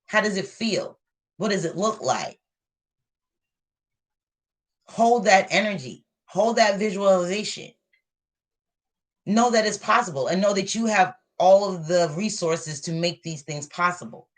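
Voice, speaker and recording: A woman at medium pitch gives a live tarot reading, unhurried and pausing often. Her delivery is motivational and affirming, with points repeated for emphasis.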